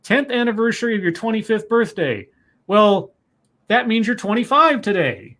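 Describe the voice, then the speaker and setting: Sitting high with a sharp tone, the man's voice swings widely in pitch at a normal pace. He co-hosts a relaxed talk stream, reading news and viewer messages out loud and correcting himself as he goes.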